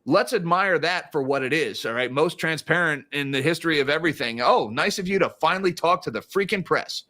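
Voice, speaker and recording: Man, slightly high voice, casual market commentary, chatty, sarcastic asides. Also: expressive, a little fast, sharp tone. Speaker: financial commentary host.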